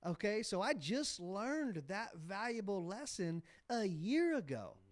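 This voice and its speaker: A man in his forties, a podcast guest telling candid stories in casual interview talk and growing animated as he recalls events. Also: sits high, unhurried, dry recording. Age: 40s. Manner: candid storytelling, animated when retelling a scene. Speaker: podcast guest, motocross team owner.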